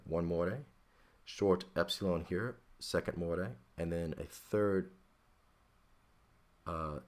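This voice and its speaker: A man's voice: low voice, a little mellow. A man teaching a Greek grammar lesson, working patiently step by step and often checking in with "okay?".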